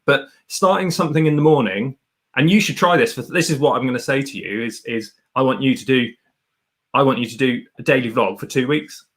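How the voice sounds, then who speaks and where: A brisk man with a medium-pitched voice hosts a livestream, reviewing a guest's channel. He chats casually and animatedly, rambling and laughing a lot as he hands out advice.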